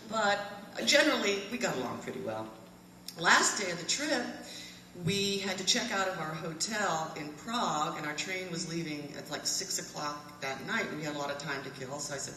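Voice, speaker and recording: A woman in her fifties tells a funny story live to an audience, animated and quick to laugh. Her voice is low but swings widely in pitch. She is picked up from far off in an echoey hall. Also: slight background noise. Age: 50s. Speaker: alumni storyteller. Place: fellowship hall.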